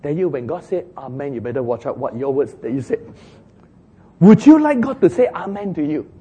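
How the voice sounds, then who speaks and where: A man preaching a sermon in an animated way, chuckling as he talks and acting out the lines he quotes. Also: a little high, fairly quick, slightly rough. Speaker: pastor.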